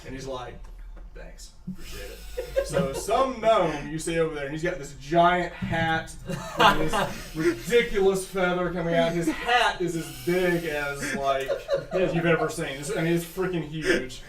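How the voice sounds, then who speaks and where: A man narrating as game master in a tabletop game, animated and laughing often. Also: on the high side, measured pace, recorded from a distance. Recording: echoey room mic'd from afar, crowd behind.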